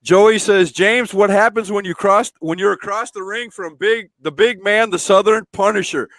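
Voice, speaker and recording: A man's voice: sits high, normal speed, fairly bright tone, no echo. A man hosting a casual live stream from home, chatting, reading out viewer comments and laughing often. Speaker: show host.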